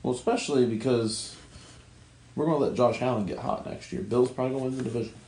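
An opinionated man co-hosting a casual sports podcast, swearing freely as he jokes. His voice sits at a middling pitch. The room is echoey and roomy. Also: fast, a little mellow, slight background noise. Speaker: podcast co-host.

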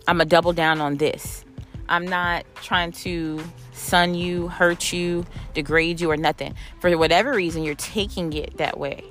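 A woman in her thirties tells a dating story to camera in a low-pitched voice. She is blunt and swears freely, acting out the arguments line by line. Faint music plays underneath. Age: 30s. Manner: blunt, profane, animated retelling with quoted dialogue. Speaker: vlogger. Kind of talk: candid storytelling vlog.

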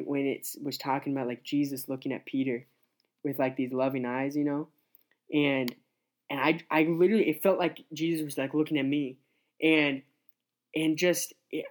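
A young man, a youth pastor, telling his story in a casual interview, earnest and halting with many restarts. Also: a little high, fairly even intonation.

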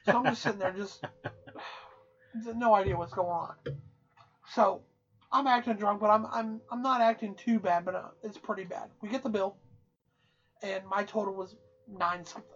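A woman co-hosting a podcast, telling a rowdy anecdote in loose, profane, animated casual chat. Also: medium pitch, normal speed, long pauses. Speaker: podcast co-host. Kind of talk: casual storytelling. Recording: dull, muffled audio.

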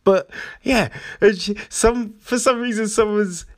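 A man's voice: high voice, measured pace, no room sound, clean studio sound. A man ranting about the news in a casual, sarcastic and profane way, often asking "right?". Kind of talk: casual commentary rant.

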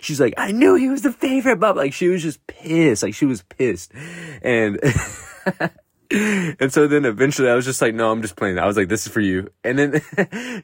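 A man's voice: on the low side, dry recording, studio quality. A young man hosting his own podcast, telling a story in a loose, rambling way, laughing often and swearing freely. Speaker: podcast host. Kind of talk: casual solo podcast chat.

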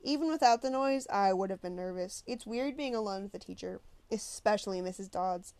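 A woman reading a novel aloud in the first person with a middle pitch. Her delivery is expressive and conversational, as if she were telling the story herself. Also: fairly quick. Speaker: audiobook narrator. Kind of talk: scripted first-person narration.

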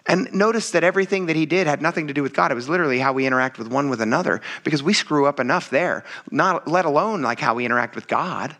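Guy preaching to his church, bright forceful voice a bit on the high side, chatty and animated. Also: fast, hardly any pauses. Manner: animated, acts out voices in quoted dialogue; casual, addresses congregation as "you guys". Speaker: pastor. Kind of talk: sermon.

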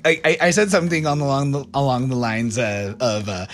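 A man's voice: on the high side, steady tone, fairly quick, hardly any pauses. American male storyteller, chatty and rambling, faint music underneath. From United States. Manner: rambling, self-correcting, many fillers. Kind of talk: casual storytime.

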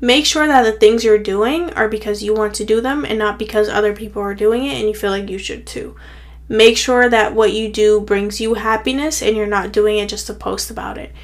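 Speaking at a moderate pace with fairly even intonation, a young woman with a medium-pitched voice runs her own podcast. She gives a casual solo pep talk, rambling chattily with constant "like"s, a little tired and breathless.

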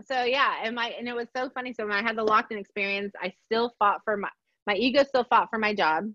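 A woman with a somewhat high voice tells her own story with lots of animation, slipping into the voices of the people she quotes. The sound is dry and a little dull, with no room around it. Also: quick pace, dry recording. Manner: animated, acts out quoted voices, laughs often. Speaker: podcast guest. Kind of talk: personal storytelling in conversation.

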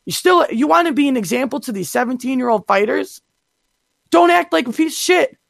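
A woman with a gravelly, creaky voice talks bluntly on a podcast, heated and swearing freely. Her voice sits at a middle pitch, and the recording is dry and close. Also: lively intonation, fairly quick, no echo. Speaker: podcast co-host. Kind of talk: casual chat.

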